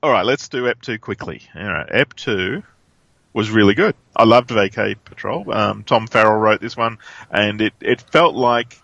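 Casting note: Australian man, podcast co-host, lowish gravelly voice, easygoing and hesitant. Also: dry recording, dull audio. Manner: relaxed, halting, repeats words. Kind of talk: casual chat.

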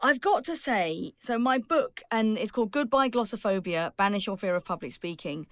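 Woman, speaking coach, podcast guest, lively and emphatic, laughs a lot, dry close sound. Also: medium pitch, moderate pace, dry recording. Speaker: public speaking coach and author.

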